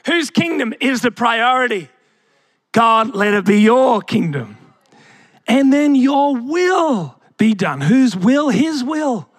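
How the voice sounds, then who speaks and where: A man's voice: very high voice, sing-song, slow pace, dry recording, studio quality. A young man preaching a sermon as pastor, asking the congregation rhetorical questions and calling out to them.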